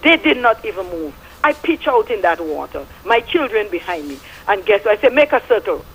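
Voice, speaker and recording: Middle-aged Statian Caribbean woman caller, husky, fervent and preachy, lively pitch. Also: fairly quick, poor audio. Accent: Statian Caribbean English. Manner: fervent, preachy storytelling with biblical references. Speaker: radio caller. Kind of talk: impassioned call-in testimony.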